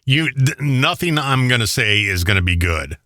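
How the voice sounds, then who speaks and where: A man's voice: mid-range voice, lively intonation, normal speed, sharp tone, slight background noise. A man co-hosting a casual talk show, teasing and cracking jokes with big laughs. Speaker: co-host. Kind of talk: casual chat.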